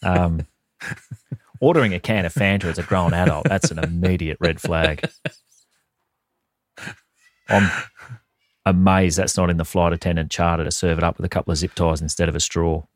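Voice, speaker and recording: A man's voice: sits low, steady tone, moderate pace, long pauses, no room sound. An Australian man hosting a podcast in casual comedic chat, with dry, wisecracking remarks and free swearing. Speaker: podcast host.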